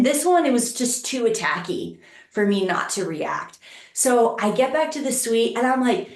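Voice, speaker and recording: A woman co-hosting a podcast, telling a personal story with animated, lively quoted voices. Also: fairly high pitch, normal speed, roomy sound. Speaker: podcast co-host.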